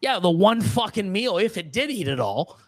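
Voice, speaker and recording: A middle-aged reptile breeder, appearing as a guest on a casual podcast, rants angrily and profanely in a high, very animated voice at a moderate pace. He restarts often and repeats his words in the heat of it.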